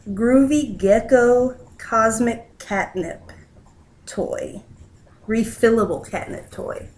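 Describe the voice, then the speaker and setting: Slow-paced and chatty, a young woman vlogs while unpacking a delivery at home, pausing to coo at her cat in a high baby voice from time to time. She's recorded on a built-in laptop mic, and the recording is rough.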